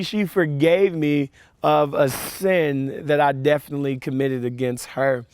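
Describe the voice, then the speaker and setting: A man giving a storytelling sermon to young listeners, animated with fillers and repeats, dropping soft and quiet for reflection. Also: a little high, a little slow, clean tone, no room sound, studio quality. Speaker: camp speaker.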